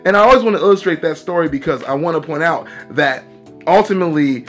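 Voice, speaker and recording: A man's voice: fairly high pitch, fast, fairly bright tone, soft background music. A man hosting his own vlog, telling a story to camera in a casual, emphatic way with joking asides. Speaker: vlogger host.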